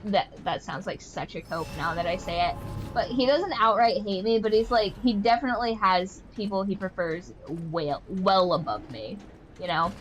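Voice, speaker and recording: A young woman streaming a game, chatting casually in a rambling way full of "like" fillers and telling animated, playfully exasperated stories. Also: mid-range voice, moderate pace, slight background noise, rough recording. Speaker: gaming streamer. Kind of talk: casual chat while playing a game.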